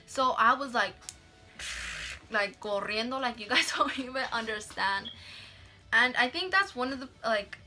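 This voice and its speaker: A woman's voice: a little high, lively intonation, a little slow, long pauses, bright, forceful tone, faint music behind. A young woman vlogger telling a story in casual chat. She swears freely, says "like" constantly and drops in Spanish words.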